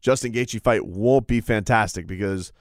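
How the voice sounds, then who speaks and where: A man's voice: fairly low pitch, normal speed, no room sound, clean studio sound. A man casually discussing combat sports in a rambling way, with frequent restarts. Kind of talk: casual chat.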